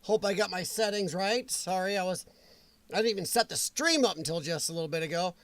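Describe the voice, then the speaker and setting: A man hosting a casual live-stream chat from his computer, rambling and grumbling about a software update. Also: high-pitched, brisk, no room sound.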